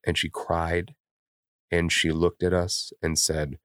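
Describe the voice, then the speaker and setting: A man with a very deep voice talks on a podcast in a casual, candid way. His speech is blunt and full of swearing, and he is openly emotional. The sound is close and dry. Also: flat delivery, slow, fairly bright tone, no echo. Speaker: podcast co-host.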